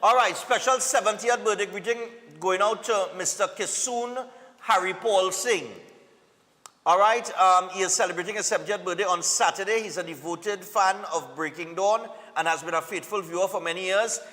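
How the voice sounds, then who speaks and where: A Trinidadian man reads viewer greetings on a morning show in a high, bright voice. His casual, upbeat delivery is full of local slang. The studio has a long, ringing reverb. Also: moderate pace. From Trinidad and Tobago. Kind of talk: live TV greetings segment.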